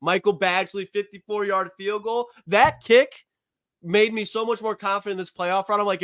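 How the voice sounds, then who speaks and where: Young guy, bright sharp voice, hyped sports banter, dry close mic. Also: high voice, moderate pace, dry recording. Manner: excitable, laughs often, trash-talking banter. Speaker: podcast co-host. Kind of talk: casual sports chat.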